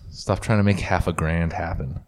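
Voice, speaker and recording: A man's voice: low voice, steady tone, moderate pace. A young man co-hosting a podcast, joking and swearing in casual banter, full of "like". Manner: joking, swears a lot, says "like" often. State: hungover. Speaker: podcast co-host.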